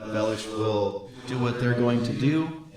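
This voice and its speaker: A man's voice: mid-range voice, unhurried, reverberant, recorded from a distance, a crowd in the background, natural voice. A man voicing a grave old witch. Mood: solemn. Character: ancient female witch sorceress, calm and grave.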